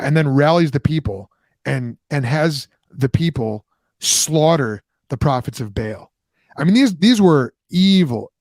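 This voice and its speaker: A man, a podcast host and former pastor, retelling a Bible story in casual talk, animated, with restarts and asides. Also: mid-range voice, no room sound.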